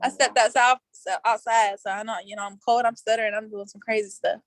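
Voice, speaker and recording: She hosts a live online quiz from outdoors over video call, keeping things playful and chatty with plenty of laughter and loose slang. A little high and level in tone, her delivery is fairly quick, with no room sound.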